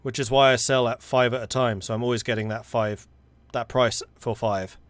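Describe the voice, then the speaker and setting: A man's voice: medium pitch, fairly even intonation, moderate pace. A man chatting casually and thinking aloud as he plays a video game, poking fun at himself. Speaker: gaming YouTuber. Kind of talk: casual gameplay commentary.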